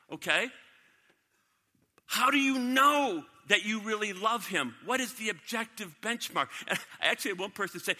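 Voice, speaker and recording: A man's voice: high-pitched, expressive, moderate pace, pushed and bright. A male pastor preaching a sermon in a church, emphatic, repeating key lines and putting questions to the congregation. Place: church sanctuary. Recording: long reverb of a large hall.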